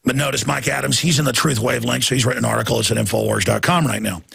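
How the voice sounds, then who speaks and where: Gravelly ranting male talk host. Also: medium pitch, steady tone, very fast, a bit bright. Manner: ranting, emphatic, jumps between stories. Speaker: radio talk show host. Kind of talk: heated monologue.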